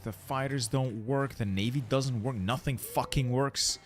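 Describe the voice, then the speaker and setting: A man's voice: medium pitch, measured pace, slight background noise. A man commentating his strategy game play, exasperated and swearing as he rants about losing. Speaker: gaming channel host.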